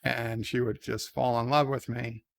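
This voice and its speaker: A man's voice: medium pitch, flat delivery, measured pace, creaky. A man hosting a casual livestream, reading advice letters and chat in a rambling, hesitant, self-deprecating way. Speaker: streamer host.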